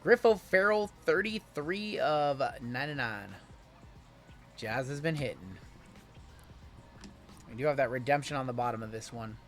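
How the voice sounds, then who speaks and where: A man's voice: mid-range voice, animated, unhurried, pauses often, faint music behind. A man hosting a live card-break stream, calling out each pull in an upbeat, chatty, teasing way.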